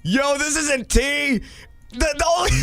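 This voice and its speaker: A young man hosting a stream, reading viewer stories aloud in a loud, excitable way, swearing and laughing. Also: extremely high pitch, slow, no room sound, faint music behind. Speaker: streamer host.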